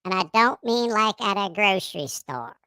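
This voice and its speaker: A man putting on a cute, squeaky high voice, talking in a polite and unsure way. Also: lively intonation, normal speed, bright, forceful tone, smooth, no echo, exaggerated voice. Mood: chatty.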